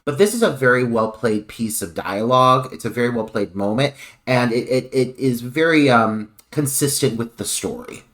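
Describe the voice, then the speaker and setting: A man's voice: medium pitch, expressive, moderate pace, a bit bright. A man co-hosting a film podcast who recaps scenes analytically and laughs often. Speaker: podcast co-host. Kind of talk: casual film review chat.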